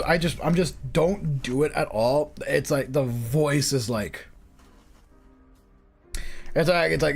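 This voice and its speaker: A young man streaming a game, reading the story aloud and chatting in a rambling, slangy, laughing way. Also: a little high.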